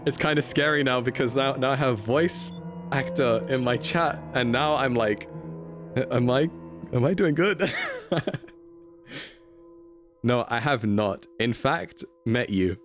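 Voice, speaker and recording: A man's voice: medium pitch, measured pace, music in the background. Playful man chatting on a game stream. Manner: chatty and playful, laughs a lot. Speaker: livestreamer. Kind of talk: casual game-stream chat.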